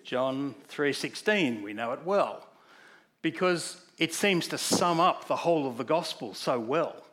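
A man's voice: fairly high pitch, lively intonation, measured pace, a bit bright. A man preaching a sermon in a conversational way, putting questions to the congregation.

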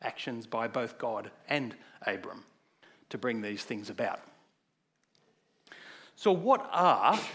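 A man preaching a sermon in a conversational way, putting questions to the congregation. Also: mid-range voice.

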